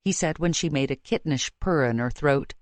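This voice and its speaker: Brief: woman narrator, measured and emotive, slightly low voice, dry close mic. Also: a little mellow, dry recording. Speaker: audiobook narrator. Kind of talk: scripted romance narration. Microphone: close studio mic.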